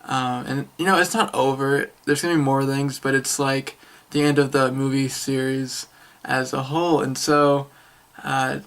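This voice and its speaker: A young man of eighteen giving an excitable, rambling film review vlog with many fillers and restarts. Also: mid-range voice, moderate pace, clean tone. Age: young adult.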